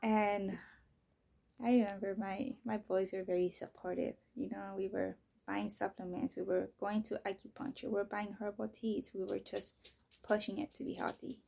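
Woman podcast host, husky and a little gravelly, casual and profane, rambling storyteller. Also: mid-range voice, flat delivery, normal speed. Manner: profane, rambling, full of "you know" and "like"; drifts into soft, breathy near-whispers.

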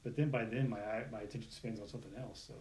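A man's voice: lowish voice, fairly even intonation, racing, a little mellow. A man co-hosting a casual chat, rambling and correcting himself as he talks. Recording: echoey room with clear noise.

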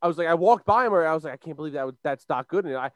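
A man's voice: fairly high pitch, expressive, racing, no echo. A young man from Long Island, co-hosting a casual chat show and telling a rambling story full of fillers and restarts. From Long Island, New York. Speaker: podcast co-host.

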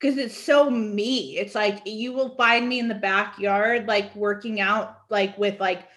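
A woman's voice: mid-range voice, steady tone, measured pace, a bit bright. A young woman author talking casually as a podcast guest, bubbly and full of fillers. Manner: bubbly, says "like" a lot. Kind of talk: casual interview chat.

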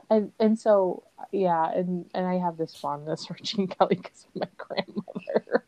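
Chatty woman telling animated stories. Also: lowish voice, takes it slowly, a little hiss or hum, poor audio. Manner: animated storyteller, laughs often, acts out quotes. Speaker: podcast host. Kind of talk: casual chat.

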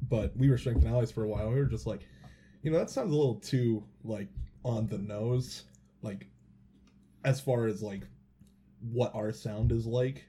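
A man's voice: medium pitch, normal speed, pauses often, warm tone, a little hiss or hum. A man in a band, a guest on a podcast, explaining things in a laid-back way and swearing casually.

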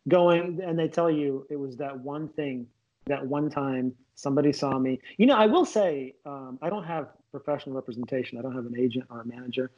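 A man's voice: mid-range voice, brisk, a little mellow. A man, a comedian, talking casually and enthusiastically in an interview. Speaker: comedian guest. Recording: dull lo-fi sound.

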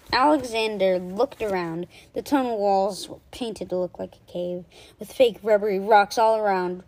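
A woman reading a children's chapter book aloud, expressive, with small stumbles and restarts. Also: medium pitch, normal speed, a little hiss or hum. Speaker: reader.

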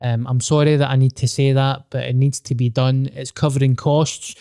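A man's voice: medium pitch, little pitch movement, a little fast, dark tone, clean tone, no echo, clean studio sound. A Scottish man hosting a podcast, chatting casually, blunt and sweary with a joking manner. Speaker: podcast host. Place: venue with a dry sound.

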